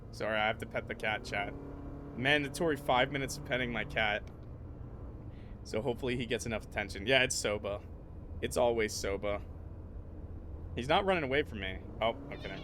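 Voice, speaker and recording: A man streams a horror game from his room at home, rambling and joking with his chat between lines of read-aloud narration. He talks at a medium pitch into a desk mic. A faint hiss of background noise sits behind him. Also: fairly quick, long pauses, fairly bright tone. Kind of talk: casual livestream commentary and reading game text. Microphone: desk mic with noise suppression.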